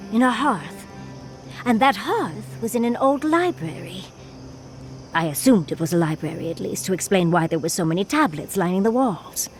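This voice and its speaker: A woman's voice: medium pitch, natural voice. A woman voicing a teasing furred companion. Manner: teasing, calls the listener darling and dear. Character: furred female adventurer companion, wry and teasing. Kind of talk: video game character dialogue.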